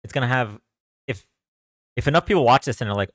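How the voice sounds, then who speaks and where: A man's voice: lowish voice, fairly even intonation, a little fast, fairly bright tone, no room sound, studio quality. A young man hosting a live stream from home, chatting casually and greeting viewers by name in a loose, joking way. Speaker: livestream host.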